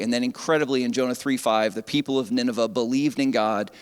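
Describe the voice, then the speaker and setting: A man preaching a sermon as pastor, animated and conversational. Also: mid-range voice, quick pace, few pauses, clear, resonant tone. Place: church sanctuary. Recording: long church reverb.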